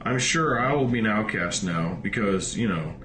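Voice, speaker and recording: A man's voice: on the low side, animated, moderate pace, fairly bright tone, a little hiss or hum. A man on archival self-recorded audio, upset and tearful, talking in an emotional, unsteady way. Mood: bitter. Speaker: suspect in recorded messages.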